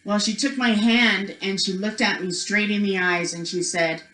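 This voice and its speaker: A woman's voice: mid-range voice, steady tone, moderate pace, few pauses, fairly bright tone. A woman presenting a spiritual workshop, telling a personal story in a chatty way, full of "like" and "you know", acting out the voices of the people in it. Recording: echoey room.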